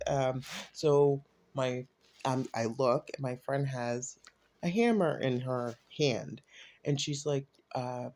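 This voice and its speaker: A man casually telling a personal story, raising his voice when quoting others. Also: slow. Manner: animated retelling, voices quotes with rising pitch. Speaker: storyteller recounting a personal event.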